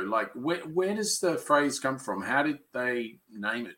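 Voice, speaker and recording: A man's voice: mid-range voice, animated, unhurried, bright, forceful tone. A man co-hosting a casual podcast, playful and full of questions. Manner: playful, asks lots of questions. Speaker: podcast co-host. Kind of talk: casual chat.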